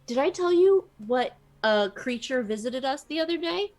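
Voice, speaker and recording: A woman streaming a card game, chatting casually and telling stories in an animated way. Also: sits high, normal speed. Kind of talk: casual chat while gaming.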